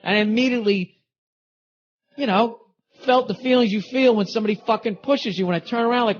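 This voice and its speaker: Middle-aged man, comedian host, slightly high voice, casual profane rambling monologue. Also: brisk, lo-fi sound, slight background noise. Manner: profane, rambling, animated storyteller.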